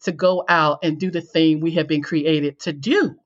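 A woman's voice: low voice, fairly even intonation, moderate pace, muffled recording. A woman guest telling her personal story in an interview. She acts out her own past lines and laughs as she tells it. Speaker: guest, coach and speaker.

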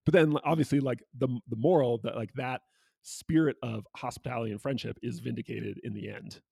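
A man's voice: medium pitch, steady tone, brisk, creaky, warm tone, breathy edge, no echo. A man co-hosting a podcast, chatting casually about a picture book, laughing often and using many fillers. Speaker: podcast co-host.

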